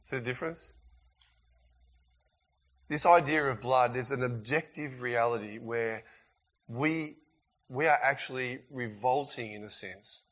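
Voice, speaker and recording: A man's voice: mid-range voice, a little slow, pauses often. Emphatic preacher man. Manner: emphatic, conversational preaching with sudden loud and quiet swings. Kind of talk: sermon.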